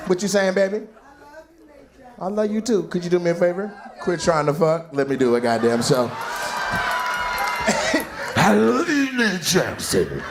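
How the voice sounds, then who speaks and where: A man doing stand-up crowd work on a club stage, loud and mocking, swearing freely. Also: high-pitched, big pitch swings, normal speed, background noise. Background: laughing audience.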